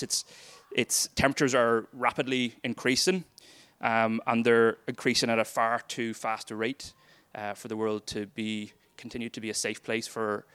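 A young Irish man talks a youth group through a workshop in a loose, joking way. His voice is smooth and clear, and the sound is dry and close, with no room echo. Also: medium pitch, a bit bright. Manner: chatty, self-deprecating, loose and conversational. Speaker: charity workshop speaker. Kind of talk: casual presentation to a youth group.

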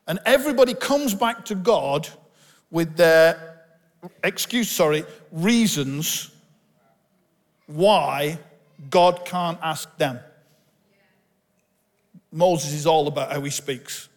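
A pastor with a Bolton accent and a fairly high voice preaches in a candid, conversational way, mixing self-deprecating stories into the sermon. His voice carries a long reverb, as in a church hall. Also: takes it slowly, long pauses. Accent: Bolton, northern English. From Bolton, England.

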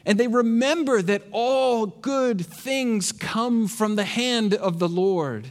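A man's voice: high-pitched, slow. A man preaching a sermon, with rhetorical questions and dry sarcastic asides. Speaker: pastor.

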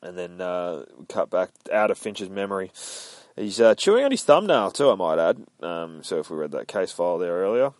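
A man's voice: sits low, sing-song, moderate pace, a little mellow, dry recording. A man casually narrating a comic book page by page, rambling and swearing, often laughing. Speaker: comic book podcast host. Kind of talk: casual comic read-along.

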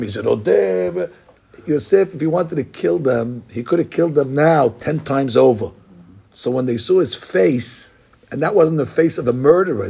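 A man's voice: medium pitch, vocal fry, darkish tone, breathy edge. A middle-aged man, a rabbi, gives an informal Torah class, talking conversationally with digressions and many restarts.

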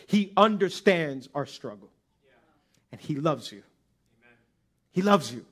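A male pastor preaching a sermon. He acts out scripture in the first person and swings from soft murmurs to loud, near-shouted pleas. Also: fairly high pitch, a little slow, pauses often.

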